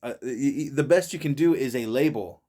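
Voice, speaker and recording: A man's voice: mid-range voice, brisk, mellow. A man in a friend's shed talking casually, stumbling over and repeating words, swearing freely and laughing often. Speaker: vlogger reacting to a video. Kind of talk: casual profane monologue.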